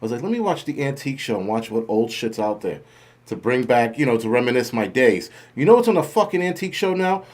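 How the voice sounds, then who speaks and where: A man's voice: medium pitch, sing-song, fast talker, darkish tone. Profane rambling middle-aged man host. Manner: swears constantly, rambling, self-mocking about getting old. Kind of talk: profane casual livestream rant.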